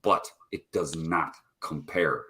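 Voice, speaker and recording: A man's voice: very deep voice, fairly even intonation, takes it slowly, pushed and bright, breathy edge. A man chatting casually on a live stream, rambling and swearing constantly as he tells stories. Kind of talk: casual chat. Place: home, rolling a cigarette.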